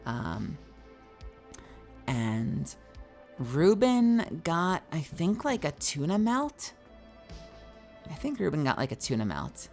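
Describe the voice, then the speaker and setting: A woman's voice: low voice, wildly swooping pitch, slow, long pauses, darkish tone. A young woman livestreaming, chatting casually with her viewers and reading their messages aloud, sleepy and yawning, swearing now and then. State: tired, yawning. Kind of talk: casual live-stream chat with viewers. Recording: faint music behind.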